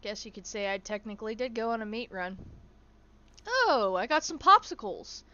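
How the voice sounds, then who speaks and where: A woman's voice: a little high, big pitch swings, moderate pace, pushed and bright, lo-fi sound. A woman streaming a survival game, chatting casually, swearing freely and cooing at her in-game animals. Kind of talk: casual gameplay commentary.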